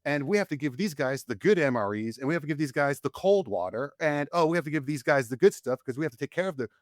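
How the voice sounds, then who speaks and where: A man's voice: quick pace, no room sound. Candid man in his forties, dry sound. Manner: animated, rises in pitch when reliving tense moments. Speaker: podcast guest, Marine combat veteran. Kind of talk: candid storytelling in casual conversation.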